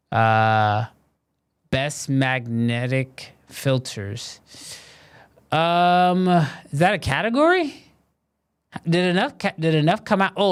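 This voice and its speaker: A man hosting a live stream, chatting casually with viewers and answering their questions in a relaxed, conversational way full of "um" and "like". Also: mid-range voice, smooth. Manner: relaxed and conversational, many fillers like "um" and "like".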